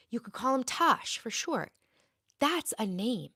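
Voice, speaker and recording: A woman's voice: a little high, big pitch swings, normal speed, a bit bright, breathy edge. A woman in her thirties chatting playfully with viewers on a casual home livestream. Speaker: livestream host. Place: home, indoors.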